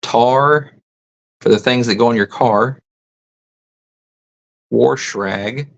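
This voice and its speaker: A man's voice: medium pitch, little pitch movement, a little fast, highs cut off. A man hosting a casual livestream, reading chat comments aloud and musing over them. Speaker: host.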